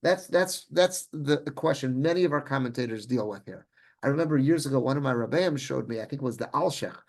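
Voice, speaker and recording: A man, a rabbi, teaching a Torah class in an animated, conversational way, often restarting sentences and mixing in Hebrew terms. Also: medium pitch, fast talker.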